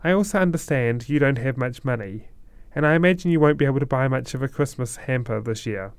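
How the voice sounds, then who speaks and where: A man voicing a kindly older stranger with a white beard, reassuring and lively. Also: medium pitch, fast, smooth, dry recording, natural voice.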